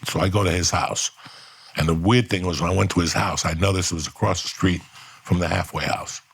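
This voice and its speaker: A middle-aged man with a very low, gravelly voice tells a story on a podcast. He swears freely and slips into the voices of the people he describes, his tone husky and rough. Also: fairly even intonation, fairly quick, fairly bright tone. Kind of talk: animated storytelling.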